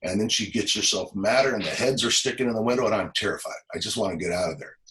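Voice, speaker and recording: A man in his forties, a former police officer, telling a personal story as a podcast guest, halting and emotional, often repeating words. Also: on the low side, fairly bright tone, low-quality recording. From Los Angeles. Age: 40s.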